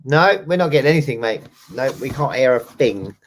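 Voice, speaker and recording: A man co-hosts a casual chat in a middle-pitched voice. His humor is dry and teasing, and his talk is loose and conversational. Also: lively intonation, brisk, a little hiss or hum. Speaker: co-host.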